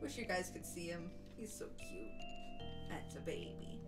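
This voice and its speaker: Over background music on a rough recording, a young woman speaks in a lowish, sing-song voice, a little slow. She's a VTuber streaming from home, chatting bubbly and casual with her viewers and talking baby talk to her dogs.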